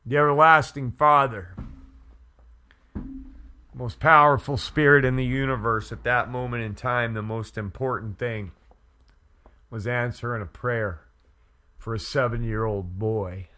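A man who is a pastor, telling an earnest testimony story slowly and with emphasis. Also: mid-range voice, steady tone, pushed and bright.

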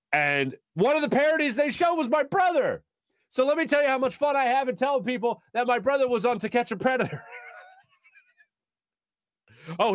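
A man hosting a sports talk show, talking with a fairly high voice. He tells stories in an animated, rambling way, full of quick asides. The studio sound is close and dry, with no room around the voice. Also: no echo. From Philadelphia. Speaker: sports radio host. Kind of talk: casual sports talk, storytelling.

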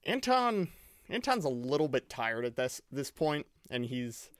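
A man's voice: mid-range voice, sing-song, a little slow, clear, resonant tone, no echo, studio quality. A man playing a tabletop role-playing game, talking casually and a bit hesitantly about his character.

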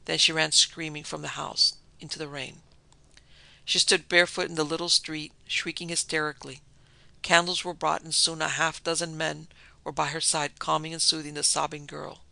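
A man narrating a dark story in a measured, dramatic way. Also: on the high side, level tone, vocal fry, no room sound, poor audio.

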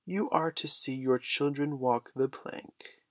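A man's voice: medium pitch, a little slow, no echo. A man voicing a menacing, gloating pirate captain who snarls and roars orders. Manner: snarling, syrupy, roaring orders.

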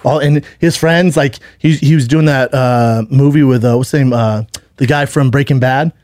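A man's voice: medium pitch, moderate pace, a little mellow, no echo, clean studio sound. A man hosting a podcast in casual chat, telling a long story in a rambling, profane way with many restarts. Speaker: podcast host.

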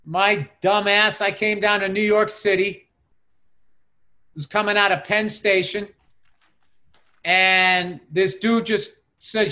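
Man, middle-aged, casual chat, profane rambling storyteller, high voice. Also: fairly even intonation, a little slow, bright, forceful tone.

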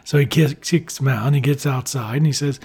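Male film-recap host, gravelly and a bit husky, casual and chatty. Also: medium pitch, a little fast, darkish tone. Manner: loose, chatty retelling with casual swearing. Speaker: film reviewer.

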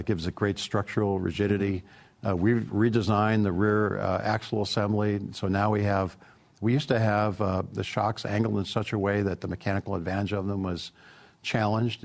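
Man, middle-aged, low voice, gravelly, easygoing anecdotal interview answers. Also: a little mellow. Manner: easygoing, anecdotal, many fillers. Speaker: automotive product executive.

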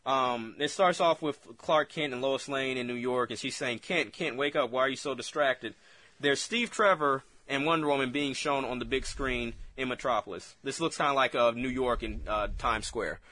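A man casually recapping a comic book story on a podcast, animated and quick to laugh. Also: mid-range voice, dry recording. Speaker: podcast co-host.

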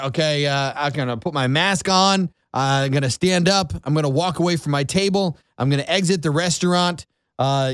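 A man from Florida hosts a morning talk radio show, animated and sarcastic as he riffs on the news. His voice sits a little high and leaps up and down constantly. The studio sound is dry and close to the mic. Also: no room sound. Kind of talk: conservative talk radio monologue. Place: radio studio without a window. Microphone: studio microphone.

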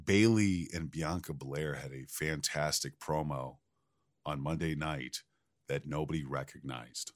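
A man co-hosting a casual podcast, telling a wrestling story in an animated, profane way. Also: very deep voice, a little slow, no echo, studio quality. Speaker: podcast co-host.

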